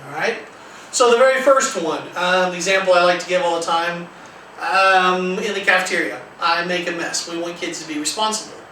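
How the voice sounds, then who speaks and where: High, bright-voiced male trainer in echoey room. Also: fairly quick. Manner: conversational, repeats calm example lines. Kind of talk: training lecture with acted examples. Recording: echoey room from far off, faint noise.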